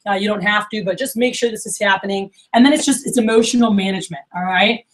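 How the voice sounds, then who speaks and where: A young woman leading a sales training workshop, talking fast and acting out little exchanges with her reps. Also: mid-range voice, poor audio. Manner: animated, acts out quoted dialogue.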